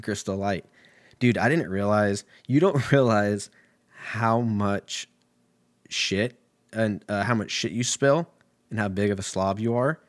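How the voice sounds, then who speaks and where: Profane, rambling man with a lowish voice. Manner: profane, laughs often, goes off on tangents. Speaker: comedian. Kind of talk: rambling comedic rant.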